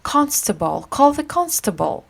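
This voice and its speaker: A woman voicing a market woman in a storybook reading, slow and sharp. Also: high voice, big pitch swings, creaky, voice pushed up, exaggerated voice. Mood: outraged. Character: indignant market woman with a basket.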